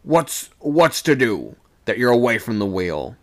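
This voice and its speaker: A man's voice: fairly low pitch, big pitch swings, moderate pace, gravelly. A man voicing an angry sailing ship's second mate who barks orders in a raised voice. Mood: angry shouting. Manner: barking, shouted orders.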